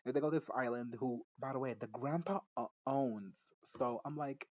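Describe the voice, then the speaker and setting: A man's voice: mid-range voice, moderate pace, dull audio. A man casually recapping a TV episode, rambling and swearing, often giggling and cutting himself off mid-sentence. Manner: rambling, profane, giggly, self-interrupting. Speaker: show recap reviewer.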